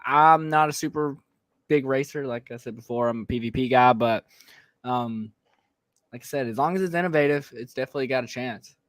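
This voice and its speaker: A man's voice: mid-range voice, fairly quick, no room sound. A man appearing as a guest on a gaming podcast, laid-back and hesitant, with many fillers. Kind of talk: casual gaming podcast chat.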